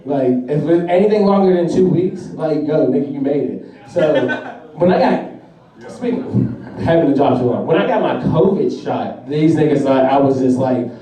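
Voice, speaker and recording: A man's voice: fairly high pitch, animated, normal speed, warm tone. A young man performing a profane, laughing stand-up comedy routine. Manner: brash, profane, laughing through jokes. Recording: echoey room from far off.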